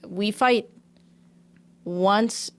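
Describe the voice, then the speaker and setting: A woman's voice: mid-range voice, very slow, clean tone. A woman co-hosting a podcast, speaking frankly and personally in casual chat. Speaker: podcast co-host.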